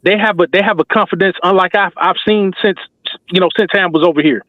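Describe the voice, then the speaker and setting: A male talk show host in full fan mode rallies listeners with passionate commentary full of emphatic, repetitive slang. His voice sits high for a man, sounding narrow and phone-like, and he talks quickly; the sound is dry and close with no echo or room.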